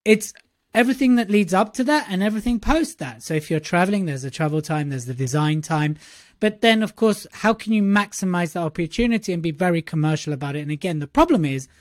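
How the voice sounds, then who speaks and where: An animated man co-hosting a casual podcast who acts out quoted voices and repeats himself. His voice sounds dry and close to the mic. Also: sits high, fast, dry recording. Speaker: podcast co-host, speaking coach.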